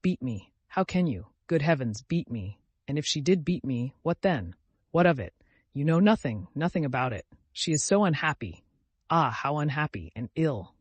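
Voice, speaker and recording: A man's voice: fairly high pitch, very animated, normal speed, slightly rough, dry recording. A man voicing a timid, devout young woman who speaks in an earnest, pleading, distressed way.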